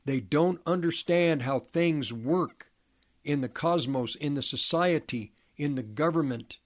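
Guy preaching, kinda high voice, slow, stops and repeats words a lot, pushy rhetorical questions.

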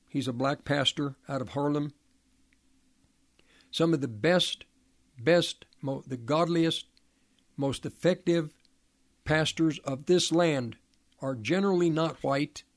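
A man preaching in a slow, deliberate delivery, his voice sitting a little higher than most men's. He halts often, repeats and restarts words, and drives his points home with emphatic rhetorical questions.

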